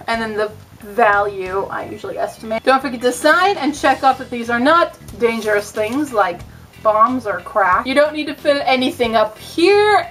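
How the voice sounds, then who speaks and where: A woman's voice: on the high side, fairly bright tone. A young American woman in her twenties giving a casual, chatty vlog explainer, full of sarcastic, self-mocking asides. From United States. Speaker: vlogger.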